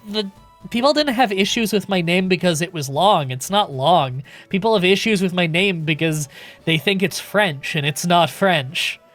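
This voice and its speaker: A man streaming a game live, chatting in a relaxed, casual way with some swearing as he answers chat questions. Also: high-pitched.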